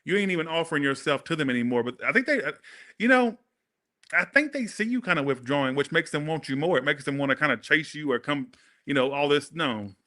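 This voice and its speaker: A man with a drawl gives a casual tarot reading in a bright, forward voice that's fairly high and quick. He addresses viewers directly, blunt and sassy, and keeps the energy animated.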